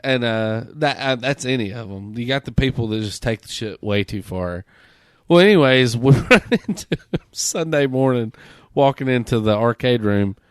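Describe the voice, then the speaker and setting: A man hosting a podcast, telling a story in a casual, profane, animated way and mimicking the people he quotes. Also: medium pitch, moderate pace, clear, resonant tone, no echo, clean studio sound. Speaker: podcast host.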